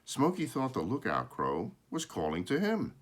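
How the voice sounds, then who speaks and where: A man gives a lively, moderately paced reading of a children's storybook, letting his voice swoop high and low. Every so often he stops to show the pictures with a casual aside, and he corrects his little slips while reading.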